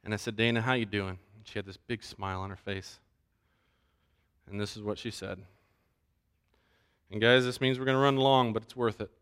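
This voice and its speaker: A man pastor preaching a sermon, animated and acting out the voices he quotes. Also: lowish voice, normal speed, long pauses, clear, resonant tone.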